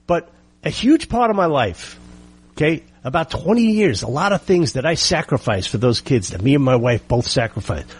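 A man's voice: fairly high pitch, slightly rough. A middle-aged man from the United States delivering an indignant opinion monologue, full of rhetorical questions and emphatic repetition. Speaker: political commentator.

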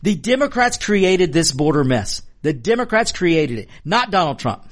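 A man's voice: a little high, big pitch swings, normal speed. A man hosting a political commentary show, delivering an emphatic opinion monologue, passionate and repeating lines for stress. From Mexican American.

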